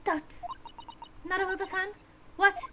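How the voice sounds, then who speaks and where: A woman voicing a polite young female legal assistant in a gentle, courteous tone. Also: very high-pitched, fairly even intonation, a little slow, noisy background, voice pushed up.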